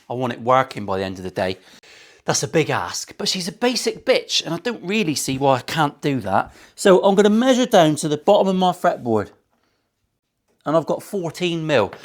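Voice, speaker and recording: A man building a guitar in his workshop, talking casually to camera with cheeky banter, plenty of swearing and jokey asides. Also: on the high side. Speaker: luthier.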